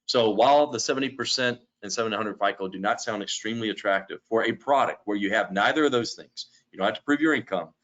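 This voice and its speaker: A man presenting in a business webinar, explaining things in a steady, explanatory way. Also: on the low side, fast talker, few pauses. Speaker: lending company presenter. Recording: dull lo-fi webinar audio.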